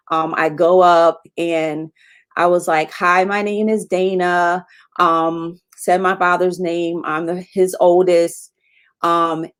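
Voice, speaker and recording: Middle-aged woman guest, low-pitched, candid and filler-heavy storytelling. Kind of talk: personal story in an interview.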